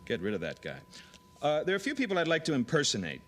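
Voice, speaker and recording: A man at a comedy audition, casually and playfully pitching his ideas to camera, with hesitant fillers between bits. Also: huge pitch swings, fast talker, a bit bright, slight background noise.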